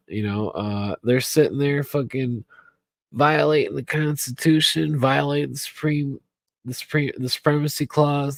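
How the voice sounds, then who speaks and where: A man's voice: medium pitch, steady tone, moderate pace, vocal fry, dry recording. A tipsy man rambling on his radio show, profane and repetitive, circling back to the same points. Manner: profane, rambling, repeats himself. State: tipsy from alcohol. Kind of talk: rambling late-night talk radio monologue.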